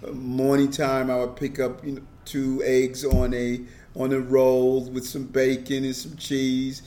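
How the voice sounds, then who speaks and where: A man's voice: mid-range voice, monotone, unhurried, dark tone. A middle-aged man talking earnestly as a guest in an interview, often repeating a word as he starts a sentence. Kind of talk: casual conversation.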